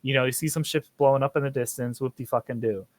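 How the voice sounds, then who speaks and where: A man's voice: medium pitch, steady tone, quick pace, dry recording. Rambling, profane young man. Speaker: podcast host. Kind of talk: casual chat.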